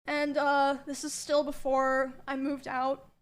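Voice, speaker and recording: A young woman quietly recounting a painful past experience, hesitant, with many pauses. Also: high voice, monotone. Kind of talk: personal account of a painful past.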